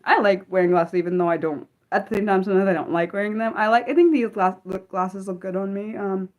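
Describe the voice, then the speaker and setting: A young woman hosts an unscripted livestream, her voice on the low side, chatting excitedly with viewers and answering chat. Her speech is full of fillers and restarts.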